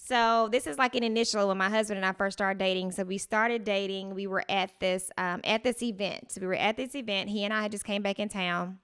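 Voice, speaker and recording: A woman co-hosts a casual podcast and tells her stories with lively quoted lines for the people in them. Her voice is bright and crisp, with a smooth, clear tone. She talks in an easy, chatty way. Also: mid-range voice, brisk, few pauses. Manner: storytelling, animated retelling with quoted voices. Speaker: podcast co-host. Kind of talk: casual chat.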